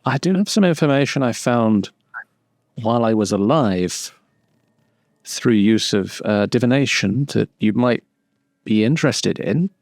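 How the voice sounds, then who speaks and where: A man's voice: medium pitch, expressive, a little slow, darkish tone, dry recording, studio quality. A man voicing the stuffy, prim spirit of an old male wizard trapped in an orb.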